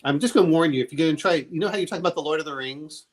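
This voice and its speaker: A man's voice: on the high side, rapid-fire. A man hosting a casual chat, rambling through recommendations with many fillers and restarts. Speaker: podcast host.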